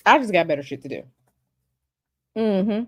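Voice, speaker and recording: A woman's voice: medium pitch, lively intonation, moderate pace, no room sound, studio quality. A woman hosting a casual livestream, chatty and sassy, calling her viewers y'all and baby. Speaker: livestream host.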